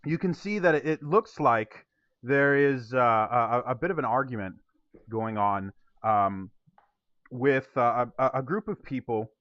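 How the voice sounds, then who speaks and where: A man's voice: mid-range voice, unhurried, no echo, dull audio. A young man narrating a tabletop game as game master, with a rambling delivery full of fillers.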